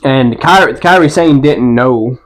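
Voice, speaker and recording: A man's voice: mid-range voice, measured pace. A man, co-hosting a podcast and telling stories in a laid-back, casual chat. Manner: laid-back storytelling with a Southern "y'all". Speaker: podcast co-host.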